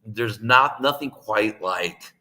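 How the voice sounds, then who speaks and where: A man's voice: on the low side, takes it slowly, sharp tone. A man telling a casual story, rambling with lots of "like" fillers and frequent laughs. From United States. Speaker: co-host.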